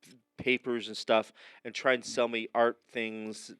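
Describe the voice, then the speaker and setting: A man's voice: mid-range voice, flat delivery, a little slow, fairly bright tone, smooth, no room sound. A man co-hosting a casual podcast, rambling and joking, often stopping mid-sentence and trailing off. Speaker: podcast co-host. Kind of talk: casual chat.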